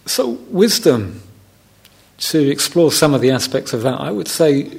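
A man, a meditation teacher giving a gentle, reflective dharma talk on a retreat. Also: fairly high pitch, big pitch swings, vocal fry. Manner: gentle, reflective, unhurried with soft laughs.

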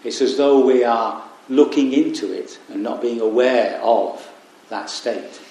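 A man giving a Buddhist dharma talk at a retreat, reflective and unhurried with wry asides. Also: medium pitch, steady tone, warm tone, slight background noise. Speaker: Buddhist meditation teacher. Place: retreat meditation hall. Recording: very echoey room.

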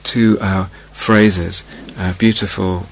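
A man giving a meditation teaching in a reflective, unhurried way, softly repeating key phrases. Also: deep voice, flat delivery. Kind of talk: dharma talk. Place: retreat meditation hall.

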